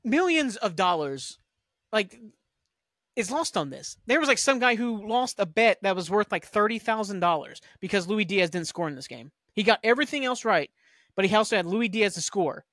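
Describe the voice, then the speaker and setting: A man's voice: high voice, expressive, fairly bright tone, dry recording, clean studio sound. A man hosting a sports talk podcast, ranting angrily and profanely about refereeing. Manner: profane, heated, fast-talking rant. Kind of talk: angry ranting commentary.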